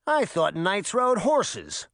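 A man's voice: high-pitched, wildly swooping pitch, slow, fairly bright tone, dry recording, studio quality, pitched above the performer's own voice, heavily acted. A man voicing a cocky, wisecracking uncle who mocks his opponent. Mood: taunting. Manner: wisecracking, taunting. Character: cocky, mocking adult uncle.

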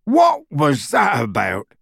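A man voicing a huge, gruff half-giant who shouts and pants indignantly. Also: fairly high pitch, wildly swooping pitch, slow, dry recording, clean studio sound, heavily acted. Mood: roaring. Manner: loud, shouting, panting.

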